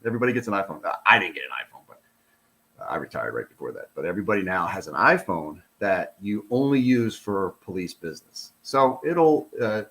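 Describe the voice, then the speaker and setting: A middle-aged man, a retired police officer, giving casual, blunt and profane commentary while reading through a report. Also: medium pitch. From United States. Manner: blunt, profane, animated and heated.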